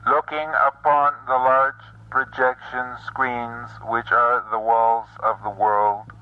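A man giving a calm, measured spoken-word recitation as narrator. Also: mid-range voice, no echo. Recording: distant, dull lo-fi sound.

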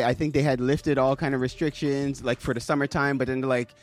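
A man's voice: medium pitch, little pitch movement, brisk, few pauses, faint music behind. A man co-hosting a casual chat, talking in a rambling way with many fillers and restarts. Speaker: podcast co-host.

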